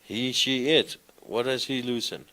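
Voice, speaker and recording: A man's voice: medium pitch, measured pace, bright, forceful tone. A man teaching a classroom lesson, speaking in an encouraging way and often asking his students questions. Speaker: Greek teacher. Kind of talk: classroom lecture.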